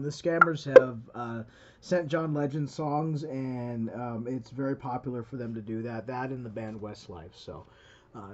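A man closes out a video with a laid-back recap for viewers. He pauses often on ums and uhs. The audio is dull and lo-fi. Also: medium pitch. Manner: relaxed, lots of ums and uhs. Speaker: channel host.

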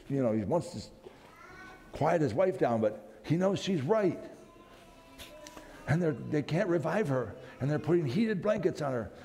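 Telling a story with drama for family worship at a camp meeting, this man keeps restarting his phrases. He has a mellow, medium-pitched voice, heard through long hall reverb with faint noise behind.

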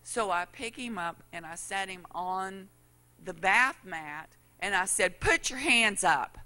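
A woman's voice: lowish voice, takes it slowly, pushed and bright. A middle-aged woman preaching a sermon, telling folksy stories and acting out what people said. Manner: folksy storytelling, acts out quotes.

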